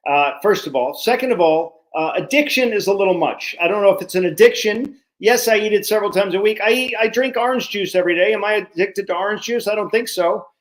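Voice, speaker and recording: A man's voice: high voice, quick pace, hardly any pauses, rough recording. A middle-aged man, a comedian co-hosting, bickering with his wife in mock-indignant, teasing banter. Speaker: comedian co-host. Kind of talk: comic bickering chat.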